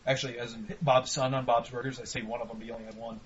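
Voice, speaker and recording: A man's voice: medium pitch, level tone, racing, a crowd in the background. A man co-hosting a casual podcast, joking and swearing, acting out quotes in mock voices. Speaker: podcast co-host. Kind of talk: casual chat. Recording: dull lo-fi podcast audio.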